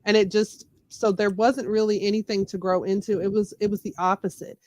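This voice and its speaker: A woman's voice: mid-range voice, steady tone, fairly quick, darkish tone, no echo. A woman with a thick Southern US accent talking candidly and emphatically as a podcast guest. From Memphis, USA. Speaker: podcast guest, lawyer and comedian. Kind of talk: casual interview talk.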